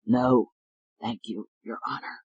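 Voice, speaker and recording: A man voicing a feverish, hoarse defense lawyer who speaks low and strained, in an audiobook read in a dry studio. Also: lively intonation, normal speed, a little mellow, no room sound, lo-fi sound.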